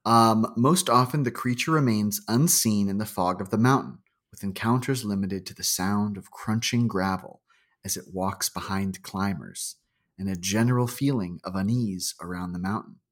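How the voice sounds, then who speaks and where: A man co-hosting a podcast, joking casually and reading spooky accounts aloud. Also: moderate pace. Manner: joking, reads quotes in a low rustic voice. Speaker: podcast co-host.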